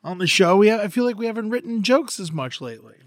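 A man's voice: sits high, lively intonation, quick pace, no room sound, clean studio sound. A man co-hosting a podcast in casual, joking chat, often trailing off into mumbles. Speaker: podcast co-host.

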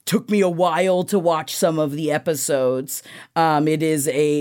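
A woman co-hosting a podcast over a remote call, talking in a frank, heated way and swearing freely. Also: low-pitched. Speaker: podcast co-host. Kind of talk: casual chat.

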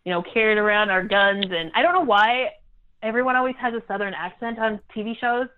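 A woman's voice: medium pitch, brisk. Chatty Montana woman on a tinny line. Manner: chatty, laughs easily, trails off with fillers. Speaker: state representative guest. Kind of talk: casual interview chat.

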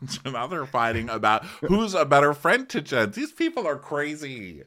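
A man co-hosting a podcast, recapping a TV episode and acting out quotes in shrill high voices. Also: very animated, normal speed, bright, forceful tone. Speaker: podcast co-host. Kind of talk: casual recap chat.

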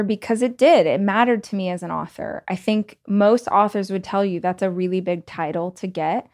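A Southern American woman hosts her podcast in a loose, chatty monologue. She tells her story casually, filling her sentences with "like" and "you know." Her voice sits at a middle pitch. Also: fairly quick, few pauses. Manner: chatty, animated, many "like"s and laughs. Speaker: podcast host and author.

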